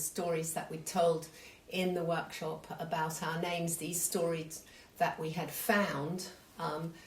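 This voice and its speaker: A woman telling a true story to an audience in an unhurried, conversational, self-deprecating way. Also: deep voice. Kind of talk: live storytelling. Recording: echoey hall, distant mic, faint noise.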